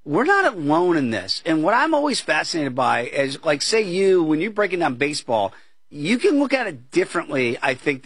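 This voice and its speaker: A man's voice: on the high side, a bit bright, husky, no room sound. A man hosting a sports betting talk show, chatting casually with asides and tangents. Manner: chatty, conversational, fond of asides.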